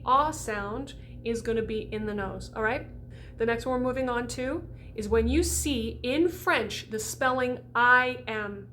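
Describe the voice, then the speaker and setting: A chatty woman teaching diction to singers, her voice sitting a little high. She keeps checking in with the listener, and a faint hum of room noise runs underneath. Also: a bit bright. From United States. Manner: chatty, often checks in with "okay?". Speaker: voice coach. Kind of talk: diction lesson to camera.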